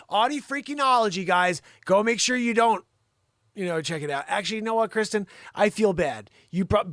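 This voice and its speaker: A man with a somewhat high voice hosts an unscripted live comedy stream. He teases his co-host with mock exasperation, jumping between loud bursts and low grumbling. The sound is close and dry, with no room in it. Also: no room sound. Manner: mock-exasperated teasing, swinging between loud outbursts and mutters. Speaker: host of a daily live variety show. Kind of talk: improvised comedy livestream.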